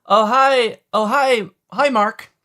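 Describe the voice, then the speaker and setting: A man's voice: very high-pitched, slow, bright, forceful tone, voice pushed up, exaggerated voice. A man doing an impression of an overwrought leading man from a cult bad movie, with a strange clipped delivery. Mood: melodramatic. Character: melodramatic man with odd accent from a cult film.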